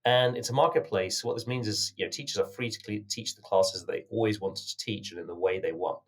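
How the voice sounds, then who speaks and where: A man with a British accent, from the United Kingdom, talking as a podcast guest in an earnest, measured way with many filler words. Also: lowish voice. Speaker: podcast guest, company founder. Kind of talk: conversational interview answers.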